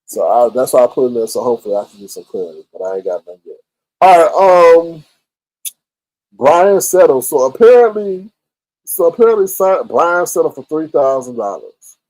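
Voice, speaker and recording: Sassy male livestream host, mellow voice. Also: medium pitch, sing-song, moderate pace, no room sound, low-quality recording. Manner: sassy, chatty, talks straight to chat. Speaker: livestream host reading chat. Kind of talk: casual live-stream commentary.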